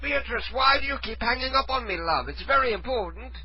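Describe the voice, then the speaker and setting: A man putting on a pushy boss with a fake British accent, who talks over the person on the other end and won't let them hang up. The voice sits a little higher than a plain speaking voice and carries a lot of lift and swing. The sound is dull and lo-fi, like an old radio recording. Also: animated, fairly quick, breathy edge, exaggerated voice. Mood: insistent. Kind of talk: prank phone call.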